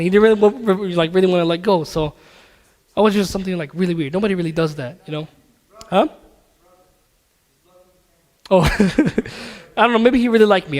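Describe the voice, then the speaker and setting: A man teaching a casual religious class at a mosque, telling stories with laughs and animated asides. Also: sits high. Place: mosque hall. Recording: hall reverb.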